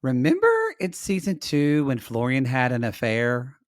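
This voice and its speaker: A man co-hosting a podcast, chatty and animated, recapping a reality show in casual talk and calling listeners y'all. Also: mid-range voice, moderate pace, no echo, clean studio sound. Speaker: podcast co-host.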